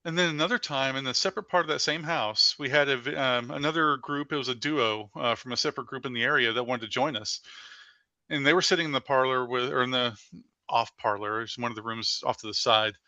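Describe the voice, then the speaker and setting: A man with a forceful, bright edge to his voice tells stories as a podcast guest. He talks in an animated way and leans on "like" as he goes. The sound is dry and close, with no room around it. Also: mid-range voice, brisk, no echo. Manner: animated storyteller with frequent "like" fillers. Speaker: paranormal investigator guest. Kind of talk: casual storytelling in a podcast interview.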